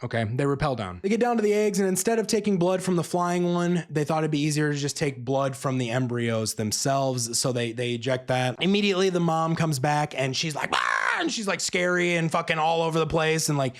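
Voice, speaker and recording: Exasperated, profane movie reviewer with a lively voice. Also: mid-range voice, a little fast, hardly any pauses. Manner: acts out characters mid-rant. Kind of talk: casual ranting film review.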